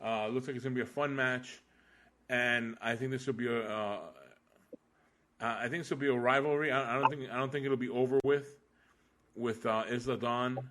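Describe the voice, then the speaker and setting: A podcast host with a mid-range, somewhat bright voice talks at a moderate pace with fairly even intonation. The chat is casual, laid-back and rambling, full of fillers and restarts, and there's a little hiss or hum in the background.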